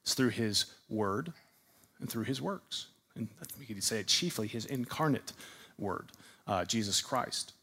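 A man's voice: fairly low pitch, lively intonation, measured pace, pushed and bright, slightly rough. A man teaching a sermon-style class. He puts questions to his listeners, repeats their answers back, and leans hard on repeated words for emphasis.

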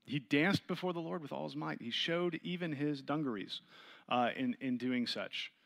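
A man teaching a Bible study, reading scripture aloud and explaining it to a group with questions, getting louder and higher when he stresses a point. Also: normal speed, creaky. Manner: rises in pitch and volume when stressing points.

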